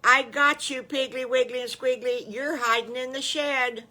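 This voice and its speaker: A woman's voice: lowish voice, slow pace, bright, forceful tone. Grandma voicing a gleeful little girl pig. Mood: triumphant. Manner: exclaiming.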